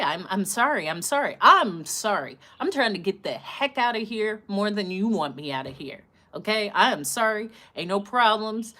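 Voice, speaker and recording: A woman hosting a livestream who tells a personal story in a casual, animated way and acts out what each person said. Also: medium pitch, normal speed. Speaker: livestream host.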